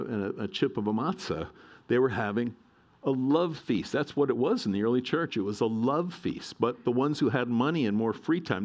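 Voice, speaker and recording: A man's voice: mid-range voice, very animated, normal speed, darkish tone, muffled recording. A middle-aged male pastor preaching a sermon, earnest and emphatic, repeating key phrases.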